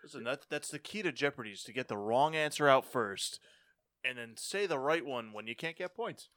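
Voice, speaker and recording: A man's voice: mid-range voice, lively intonation, a little fast, a bit bright, dry recording. A man co-hosting a sports podcast, teasing his friends and laughing often. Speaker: podcast co-host. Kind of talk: casual sports podcast banter.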